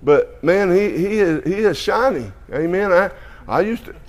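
A man's voice: sits high, expressive, unhurried. A man preaching a testimony to a congregation, folksy and full of amens. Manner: folksy, peppers speech with "amen" and "hallelujah".

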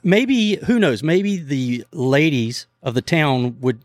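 A man co-hosting a casual podcast, dropping wry deadpan quips. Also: a little high, slow, no echo, clean studio sound. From West Virginia. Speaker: podcast co-host. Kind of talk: casual chat.

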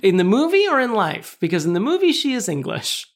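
Woman podcast co-host, casual and playful, mid pitch, quick to spin jokes. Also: big pitch swings. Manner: playful, joking, swearing freely. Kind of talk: casual movie-review chat.

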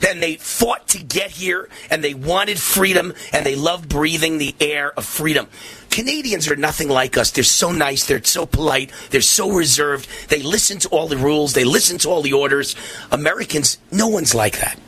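A middle-aged man hosting a radio talk show, delivering a fiery, impassioned monologue that rises to shouts, his voice strained from shouting. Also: fairly high pitch, expressive, normal speed, slightly rough.

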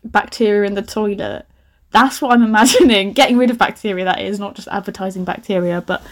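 A woman's voice: medium pitch, a little mellow. A young woman reads her own old story aloud and mocks it in a chatty way, laughing often. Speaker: podcast host. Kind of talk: reading old writing aloud with comic commentary.

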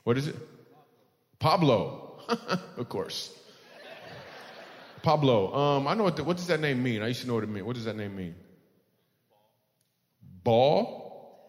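A man's voice: mid-range voice, expressive, measured pace, long pauses. A male stand-up comedian doing teasing crowd work on stage, laughing often at his own jokes. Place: live comedy venue. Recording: long hall reverb.

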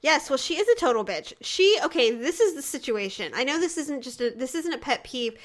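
A woman chatting casually as a podcast co-host, with quick banter and exasperated quoted lines. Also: high-pitched, expressive. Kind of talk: casual chat.

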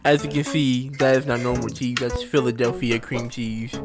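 A laid-back teenage boy chats on a casual podcast, goofy and a little mumbly. His voice is at an average pitch for a man, with music clearly audible behind him. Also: steady tone, moderate pace. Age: teens. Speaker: podcast co-host. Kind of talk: casual chat.

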